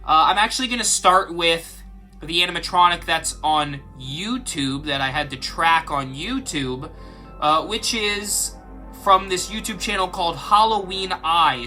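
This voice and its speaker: A man's voice: on the high side, bright, forceful tone. A man hosting a Halloween video channel, talking casually and chattily, with self-deprecating asides and frequent "uh" fillers.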